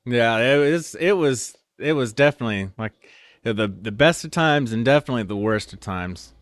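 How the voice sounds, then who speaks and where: A man's voice: mid-range voice, expressive, moderate pace, dry recording, studio quality. A young man from Oklahoma, an officer candidate, casually telling a rambling story full of "like" and restarts. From Oklahoma, USA. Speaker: interview guest, officer candidate.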